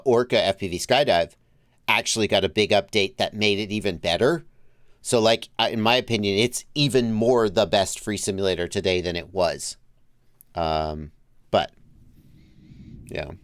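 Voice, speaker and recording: A livestream host with a low, smooth voice chats easily with his co-host. He laughs often and lets his sentences trail off softly. The sound is dry and close. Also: normal speed, dry recording. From Georgia, US South. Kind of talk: casual chat.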